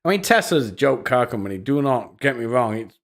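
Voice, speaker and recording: A man's voice: medium pitch, big pitch swings, fairly quick. A young man hosting a live stream, mocking and swearing as he comments on social media posts, laughing often. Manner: mocking, profane, frequent laughter.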